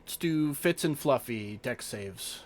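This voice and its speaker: A man's voice: mid-range voice, animated, takes it slowly. A man narrating as game master, calling out combat results.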